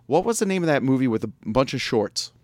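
A man's voice: mid-range voice, sing-song, fast talker, crowd noise. A man hosting a podcast in casual interview chat, joking and laughing often as he rambles. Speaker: podcast host.

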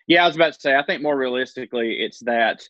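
A Southern-accented comedian delivers wry, salty asides. His voice comes through dull and dry, with muffled highs. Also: fast, a bit bright, dry recording. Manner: wry, profane. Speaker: comedian, podcast guest. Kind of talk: casual conversation.

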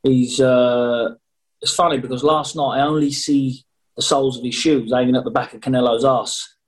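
A man's voice: mid-range voice, fairly even intonation, moderate pace, rough recording. A man, answering interview questions over a video call in a cheeky, rambling, jokey way. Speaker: boxer interviewee. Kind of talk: casual remote interview.

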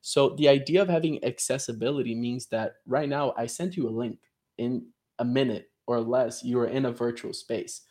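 A man's voice: mid-range voice, fairly even intonation, normal speed, darkish tone. A man explaining his work over a video call, enthusiastic, laughing often and peppering his talk with "you know". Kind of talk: casual explanatory chat.

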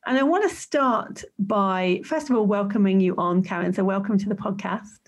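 A woman's voice: medium pitch, normal speed. A woman hosting a podcast, chatty and upbeat, laughing easily as she talks with her guest. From half Maltese family. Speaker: podcast host. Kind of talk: casual interview chat.

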